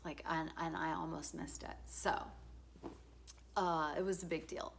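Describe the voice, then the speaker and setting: A middle-aged woman reads her own book introduction aloud, frank and emotional, stepping out of the text for casual asides and swearing. Her voice sits a little low in pitch but sounds sharp and bright. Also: level tone, measured pace, gravelly. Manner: frank and emotional, swears freely, laughs often. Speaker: author.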